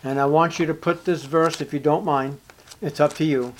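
A male pastor preaching a sermon, swinging dramatically from loud scripture reading to hushed, emphatic asides. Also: a little high, fairly even intonation, normal speed, slight background noise.

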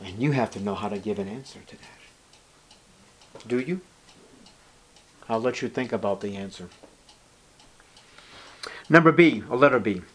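A man preaching as pastor, emphatic, rising loud on key words and dropping low and soft. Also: expressive, measured pace, pauses often, a little hiss or hum. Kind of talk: sermon.

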